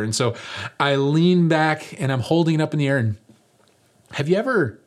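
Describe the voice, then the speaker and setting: A young man, a pastor, opening his sermon with a lively personal story and putting casual questions to his congregation. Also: a little high, moderate pace. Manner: animated, self-mocking storytelling; conversational, rhetorical questions to the congregation.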